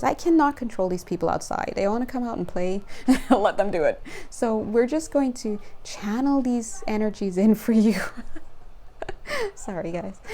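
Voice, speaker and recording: Young woman doing a chill card reading video, kinda high voice but soft and warm, rambly, laughs a lot. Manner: chatty and rambling, laughs often, gets excited. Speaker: spiritual card reader.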